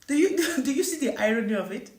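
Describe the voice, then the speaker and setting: Spiritual teacher preaching live, repeats stuff a lot, keeps asking do you understand, bouncy pitch, echoey room. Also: expressive, quick pace, darkish tone. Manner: repeats rhetorical questions to listeners; repetitive, emphatic preaching.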